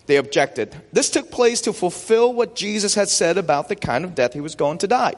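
Male pastor, animated sermon delivery with rhetorical questions, high voice, recorded in a reverberant hall. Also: moderate pace, hardly any pauses.

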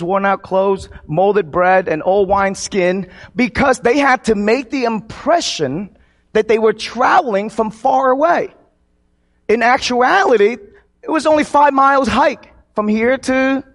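A man's voice: high voice, animated, a little slow. A man preaching a sermon to his congregation in a conversational, joking way. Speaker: pastor.

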